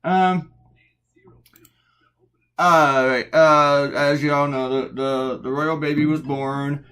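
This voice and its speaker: A man's voice: a little high, steady tone, slow pace, fairly bright tone, smooth. A middle-aged American man chatting casually while he draws a cartoon, rambling with sarcastic asides. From United States. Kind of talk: casual chat while drawing.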